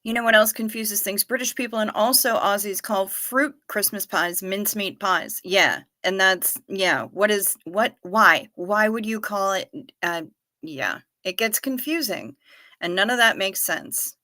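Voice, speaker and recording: A woman's voice: medium pitch, measured pace, bright, forceful tone, no room sound, studio quality. A woman hosting a live stream in a casual, chatty way, reading out viewer comments with wry asides and repeating herself for effect. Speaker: livestream host.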